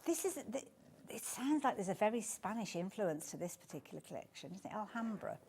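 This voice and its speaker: A woman's voice: medium pitch, sing-song, a little fast, a little mellow, slight background noise. A woman presenting fabrics on a live TV sales show, chatty and gushing, praising each design. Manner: gushing, chatty, keeps saying beautiful. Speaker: shopping channel presenter. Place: TV studio.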